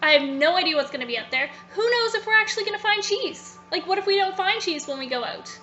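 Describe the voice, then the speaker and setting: Woman retelling a storybook, playing a bright, whiny little man who is scared of change, slightly muffled home video. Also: very high voice, animated, fast talker, soft background music, voice pushed up, exaggerated voice. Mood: fearful. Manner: insistent, whiny complaining. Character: stubborn entitled little man, afraid of change.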